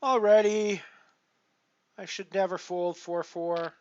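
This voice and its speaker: A man's voice: fairly high pitch, moderate pace, fairly bright tone, dry recording, highs cut off. A man casually chatting to his viewers while he plays online poker, rambling with lots of fillers and restarts. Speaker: poker streamer. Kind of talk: casual live-stream commentary.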